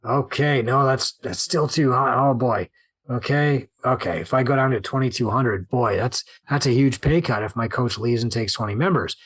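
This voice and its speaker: A man's voice: medium pitch, normal speed, a bit bright. A man hosting a business podcast, talking animatedly and acting out worried inner monologues. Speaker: podcast host and gym business coach. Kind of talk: solo business podcast talk.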